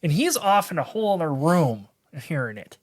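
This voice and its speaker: A man's voice: fairly high pitch, very animated, brisk. A man in casual podcast chat, telling a story in loose, rambling run-on sentences full of fillers.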